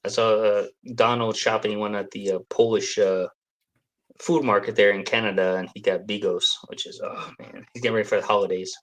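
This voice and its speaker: Hesitant low-voiced man chatting. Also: little pitch movement, fairly quick. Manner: hesitant, many fillers, self-deprecating. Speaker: stream guest. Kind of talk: casual chat over whiskey tasting. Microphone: video call.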